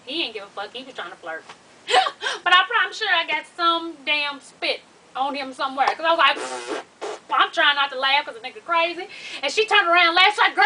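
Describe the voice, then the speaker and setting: A woman with a high, bright voice tells a rowdy story to her viewers, swearing freely and laughing along. She sits back from the mic, and a faint hiss runs underneath. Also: distant mic, poor audio. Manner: profane, animated, laughs through the story. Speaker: vlogger.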